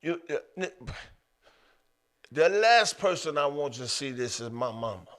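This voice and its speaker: Male co-host with a somewhat high voice, blunt and profane, takes his time. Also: animated, a bit bright. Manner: blunt, profane, drawn-out musing. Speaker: podcast co-host. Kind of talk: casual podcast chat.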